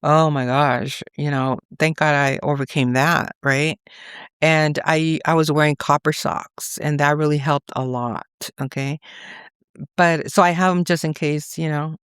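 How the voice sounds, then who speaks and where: Chatty woman with a smooth voice. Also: low voice, fairly even intonation, a little slow, dry recording, clean studio sound. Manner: rambling and chatty, checks in with "okay?" and "you know". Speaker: astrology vlogger. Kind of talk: casual astrology talk.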